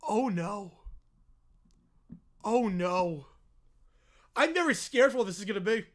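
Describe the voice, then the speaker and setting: A man hosting a live stream, reacting with loud disbelief and laughter. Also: sits high, animated, takes it slowly.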